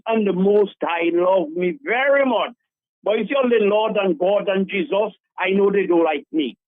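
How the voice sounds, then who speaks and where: A man's voice: high voice, no room sound. A man rants fierily and emphatically as a caller to a radio show. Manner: fiery, emphatic, preachy. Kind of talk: call-in rant. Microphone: telephone. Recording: tinny dry phone line.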